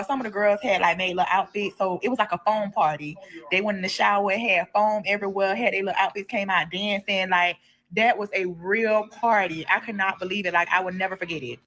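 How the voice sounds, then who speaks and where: Fast-talking woman telling a story. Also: medium pitch. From Florida, USA. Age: 30s. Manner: animated, slangy, addresses viewers as y'all and child. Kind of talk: casual storytime chat.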